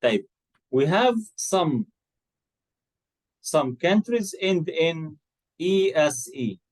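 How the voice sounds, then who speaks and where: A man's voice: on the high side, animated, slow pace, no room sound, rough recording. A man teaching an English lesson, patiently repeating words and spelling them out letter by letter. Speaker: English tutor. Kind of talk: online one-to-one English lesson.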